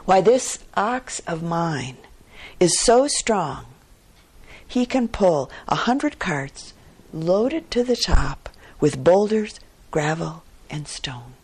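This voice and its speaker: Brief: timid but stubborn male farmer, stammering and pleading, slow and husky, voiced by a woman storyteller. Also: very animated, a little mellow, full character voice. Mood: eager, pleading. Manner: stammering, pleading, pitch rising.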